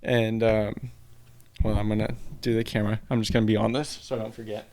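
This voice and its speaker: A man's voice: on the low side, flat delivery, a little fast, a little mellow, no echo. A man hosting a podcast, casually retelling a dating show in a rambling, filler-heavy way. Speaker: podcast host.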